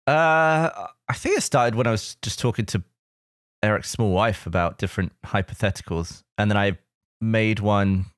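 A man's voice: fairly low pitch, normal speed, no room sound, studio quality. A man co-hosting a podcast in casual chat, self-deprecating, laughing often and filling his speech with "like". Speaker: podcast co-host.

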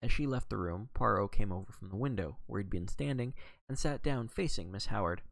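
A man reading a novel aloud with a lively delivery, sometimes stumbling and correcting himself. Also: on the low side, fairly quick, gravelly, dry recording. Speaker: reader.

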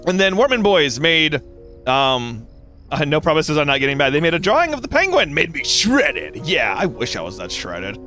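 A young man from North Carolina giving casual, rambling gameplay commentary as a gaming YouTuber, giggly and excitable. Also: a little high, normal speed, soft background music.

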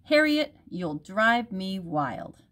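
A woman voicing a patient mother who scolds her child in a sing-song voice instead of yelling. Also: mid-range voice, very animated, slow pace.

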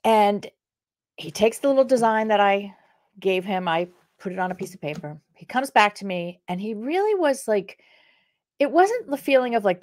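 Animated older woman telling a story. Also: medium pitch, no echo, studio quality. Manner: animated and candid, with swear words. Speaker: career coach. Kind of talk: casual live-stream storytelling. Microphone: webcam on a live stream.

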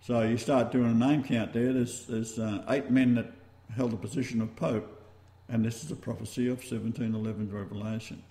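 A man with an Australian accent hosting a talk-radio show, rambling and halting as he goes. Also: mid-range voice, level tone, dark tone, reverberant. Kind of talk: casual talk-radio chat.

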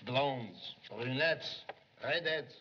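An actor playing an excitable young male police secretary who longs to be a detective, in 1930s film acting, jumpy and pleading. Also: mid-range voice, drawn-out words, a little hiss or hum, exaggerated voice. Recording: dull 1930s film soundtrack.

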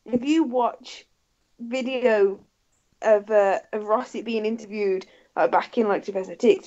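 A woman co-hosting a casual motorsport chat, bubbly and lively, laughing easily. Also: mid-range voice, highs cut off. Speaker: podcast co-host.

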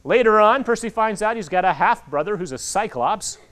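A man in his forties giving an animated talk to children at a library, acting out the voices in his stories. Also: high-pitched, normal speed. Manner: animated storytelling, acts out quoted voices. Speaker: author speaking to kids. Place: public library hall. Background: audience of children.

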